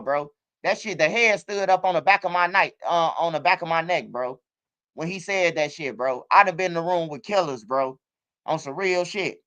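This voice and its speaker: A middle-aged man riffs in casual streaming commentary. His voice sits high and sounds bright and smooth. He drifts loosely from point to point and keeps dropping in bro and man. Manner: loose, streetwise, repeats words like bro and man. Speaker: commentary channel host.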